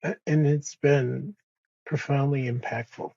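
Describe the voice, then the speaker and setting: A man speaks slowly and softly in a reflective podcast conversation, pausing and restarting as he goes. His voice is mellow and a little husky. The recording is dry and slightly dull. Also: mid-range voice, steady tone, dry recording. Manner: slow, soft-spoken, with many pauses and restarts. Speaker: podcast guest.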